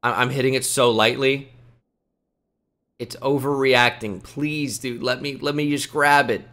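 Bright-voiced joking gamer guy. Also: medium pitch, measured pace. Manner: joking, excitable, swears freely. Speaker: gaming YouTuber. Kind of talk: casual video game commentary.

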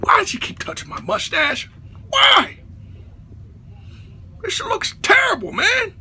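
High, bright, exasperated male ranter. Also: sing-song, a little slow, a little hiss or hum. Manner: profane, exasperated, bursts into shouts. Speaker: comedy vlogger. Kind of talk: comedic rant to camera.

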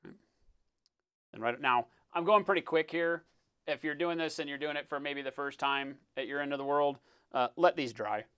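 A man talking through a live-stream painting tutorial in a relaxed, explanatory way, often checking in with "right?" and sometimes muttering as he works. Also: on the high side, normal speed, clean tone, dry recording. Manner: muttering while working. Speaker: miniature painting instructor.

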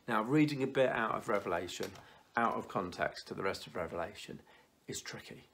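A man in his thirties giving a church youth talk, telling stories in a lively way, then turning quiet and earnest, with some stumbling restarts. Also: fairly low pitch, brisk, creaky.

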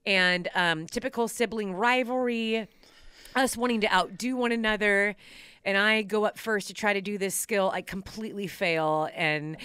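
A woman hosting a podcast, telling personal stories in a casual, animated way and laughing often. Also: mid-range voice, normal speed, smooth, no room sound. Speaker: podcast host. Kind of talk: casual storytelling chat.

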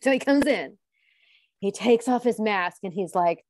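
A woman's voice: medium pitch, unhurried, dry recording, studio quality. A woman co-hosting a casual chat, retelling scenes with lots of laughter. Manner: giggly, animated storyteller. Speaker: podcast co-host.

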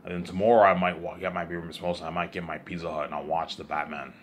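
A man's voice: deep voice, level tone, quick pace, a little hiss or hum. A young man rambling in a casual vlog monologue, stumbling over repeated words and often checking whether the listener follows. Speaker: vlogger.

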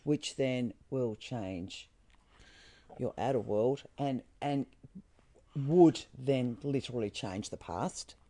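A woman's voice: extremely low pitch, slow pace, dark tone. A woman co-hosting a casual livestream, who reads aloud and asks thoughtful questions. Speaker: co-host.

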